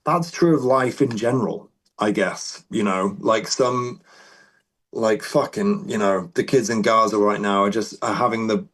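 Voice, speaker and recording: A man's voice: fairly low pitch, unhurried, a bit bright, rough recording. Rambling British man in a casual chat. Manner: rambling with many restarts and fillers. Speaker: musician guest.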